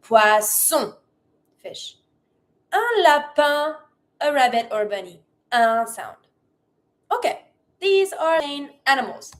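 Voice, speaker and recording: A woman with a bright, high voice teaches a French lesson. She is a native French speaker and speaks slowly and deliberately. She drills each word's pronunciation and puts energy into demonstrating commands. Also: sing-song. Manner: slow, careful pronunciation drills, switching between English and French. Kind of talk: language lesson.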